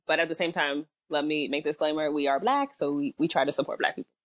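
A woman co-hosting a casual chat podcast, talking in a relaxed, thoughtful way. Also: deep voice, quick pace, no room sound. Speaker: podcast co-host.

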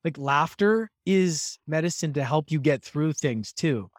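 A man's voice: fairly high pitch, animated, measured pace, no echo, studio quality. A man hosting a podcast, talking in a casual, reflective and affirming way. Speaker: podcast host. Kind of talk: casual conversation.

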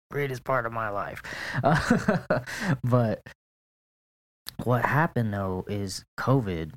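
A man's voice: mid-range voice, animated, extremely slow, pauses often, a bit bright, no echo. A young man co-hosting a casual podcast, laid-back, swearing a lot and laughing often. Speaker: podcast co-host. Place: apartment in St. Petersburg, Florida.

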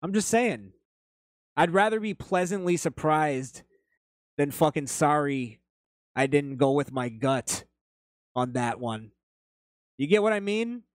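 A man's voice: a little high, animated, slow pace, pauses often, no room sound, studio quality. A man hosting a podcast, reading chat comments and telling rambling stories in a blunt, profane, casual way. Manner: blunt, swears freely, rambling anecdotes.

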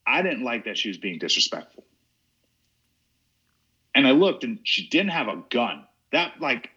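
A man on a podcast as a guest, telling a comic story in an animated way. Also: mid-range voice, breathy edge. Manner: animated, laughs as he tells it. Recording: dull lo-fi audio.

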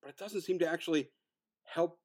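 A man talks through an old film in casual review chat, blunt and often profane. His voice sits a little high for a man. He breaks into loud bursts of mock outrage now and then. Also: a little fast. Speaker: podcast co-host.

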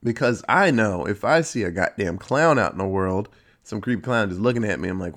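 Man casually recapping a movie. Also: moderate pace. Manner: profane, animated storytelling with sudden pitch jumps. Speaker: movie reviewer.

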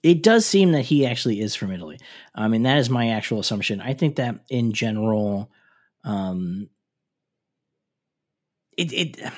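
A man's voice: on the low side, expressive, normal speed, long pauses. A man in his thirties chatting casually and sardonically, with fillers and restarts. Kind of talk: casual chat.

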